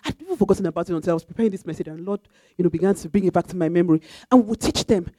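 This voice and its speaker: A woman's voice: on the low side, rapid-fire, dark tone, no echo. A woman preaching a sermon in an emphatic, repetitive way, now and then breaking into sung phrases. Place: church.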